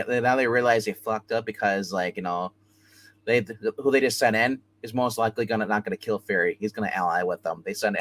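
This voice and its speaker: A man with a bright, forceful voice reviews comics in a loose, rambling way. He retells the scenes and drops into quick snippets of dialogue as he goes. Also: mid-range voice, poor audio. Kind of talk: casual comic book review.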